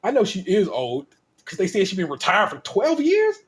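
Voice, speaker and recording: A man's voice: high voice, huge pitch swings, moderate pace. A man hosting a podcast in casual chat, laid-back and slangy, swearing freely and laughing often. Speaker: podcast host.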